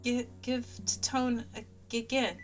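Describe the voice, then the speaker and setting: A woman's voice: fairly high pitch, little pitch movement, soft background music, close to an everyday voice. Woman playing a stammering lab creature. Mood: halting. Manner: halting, broken words, stammering. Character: strange male water creature learning to speak.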